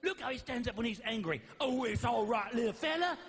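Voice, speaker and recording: A man's voice: very high-pitched, animated, a little fast, a bit bright. A man doing a gushing, reckless wildlife showman. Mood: cooing. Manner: gushing, cooing at animals.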